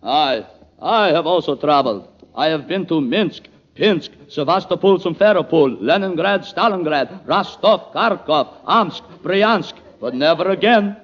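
A man's voice: fairly high pitch, expressive, a little slow, a bit bright. A man doing a 1940s radio comedy sketch as a mock-Russian lover, punning and laughing at his own jokes. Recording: dull old radio broadcast, faint audience.

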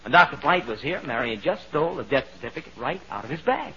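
A man's voice: a little high, very animated, fast talker, bright, forceful tone, breathy edge, heavily acted. An actor playing a breezy, jovial male ghost in a 1940s radio comedy, hearty and chummy, on a dull old radio recording.

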